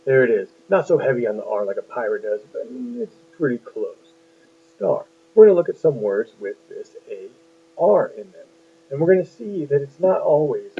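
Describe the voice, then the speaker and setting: A man with a mid-range voice teaches young children a phonics lesson, patient and encouraging and asking lots of questions. The recording has a tinny, lo-fi, phone-like sound with slight background noise.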